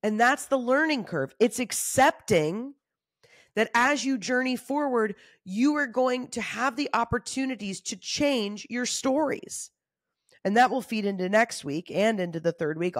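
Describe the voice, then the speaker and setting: A woman's voice: a little high, no room sound. Candid woman in her thirties, dry close sound. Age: 30s. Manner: candid, casual and animated, says y'all often. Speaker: podcast host. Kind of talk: motivational solo talk.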